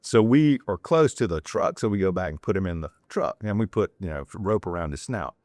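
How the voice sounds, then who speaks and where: A fairly low-pitched man tells loose, rambling stories as a podcast guest, restarting his sentences as he goes. He is from North Carolina and talks in a relaxed, chatty way. The sound is dry, with no room echo. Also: brisk. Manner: rambling, digressive anecdotes with restarts; acts out quoted people in a raised voice. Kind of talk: casual storytelling.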